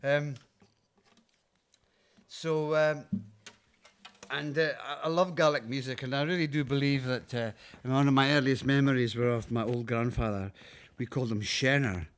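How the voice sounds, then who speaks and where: Relaxed Scottish man chatting between songs. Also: medium pitch, normal speed, smooth. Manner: relaxed and rambling, gentle chuckles, homely storytelling. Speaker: singer-songwriter hosting a live music stream. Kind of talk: casual chat between songs.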